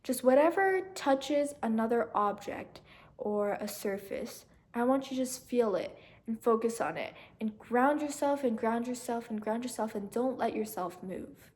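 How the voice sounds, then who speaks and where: A gentle young woman with a slightly high voice talks the listener through a meditation. She slows down and softens as she guides their breathing. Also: animated. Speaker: meditation channel host.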